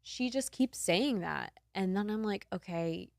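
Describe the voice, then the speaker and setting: A woman in her twenties, a podcast host, telling a story in casual chat, animated and laughing, acting out the quotes. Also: mid-range voice, measured pace, vocal fry, no room sound, clean studio sound.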